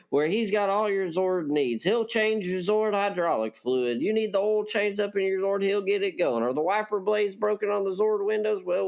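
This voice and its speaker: A man voicing a folksy repair-shop pitchman in a mock radio commercial, with a high, drawling, hammy delivery. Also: creaky.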